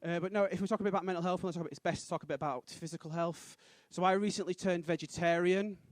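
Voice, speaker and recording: Young stand-up, high bouncy voice, dry close mic, punchy delivery. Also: male voice, fairly even intonation, racing, dry recording. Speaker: stand-up comedian. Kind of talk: stand-up set. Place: comedy club stage.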